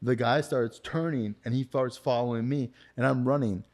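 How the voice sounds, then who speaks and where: A man who is a podcast guest, telling a story in casual talk. He swears freely, uses slang and acts out what other people said, getting loud and excited during the chase. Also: mid-range voice, normal speed. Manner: gets loud and excited when retelling the chase.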